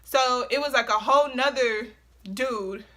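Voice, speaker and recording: A young woman telling an animated, slang-heavy casual storytime, full of fillers and swearing. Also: fairly high pitch, unhurried. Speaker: vlogger.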